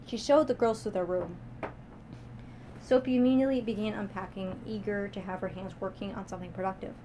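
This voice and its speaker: A young woman reading her own story aloud in a steady, plain manner. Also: mid-range voice, a little fast, a little hiss or hum. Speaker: narrator.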